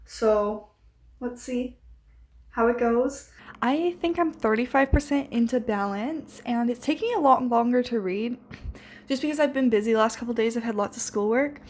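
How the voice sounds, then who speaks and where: Chatty teenage girl, slightly high voice. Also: normal speed. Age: teens. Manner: rambling, chatty, lots of fillers and restarts. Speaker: book vlogger. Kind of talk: casual reading vlog chat.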